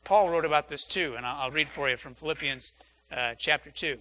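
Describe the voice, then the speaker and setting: A man's voice: on the high side, fairly quick, bright, forceful tone. A man, a pastor, preaching an earnest Sunday sermon and repeating phrases for emphasis. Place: church.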